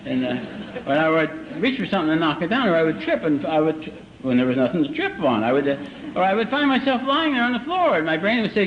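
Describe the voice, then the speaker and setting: An older man tells his story at a recovery meeting in a meeting hall, his high, sing-song voice carrying dry self-mockery and unhurried, careful timing. The old live recording sounds muffled, with background noise.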